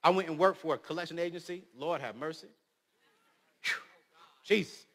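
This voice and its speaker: A male preacher in his thirties telling his story in an animated, humorous speech, swinging between loud and soft. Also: on the high side, normal speed. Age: 30s. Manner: humorous, slangy. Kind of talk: motivational speech. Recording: long hall reverb.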